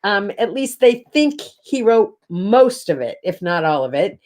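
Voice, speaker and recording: A woman's voice: fairly high pitch, sing-song, a little slow, darkish tone. A middle-aged woman hosting a casual live morning chat, rambling and greeting viewers by name. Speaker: host.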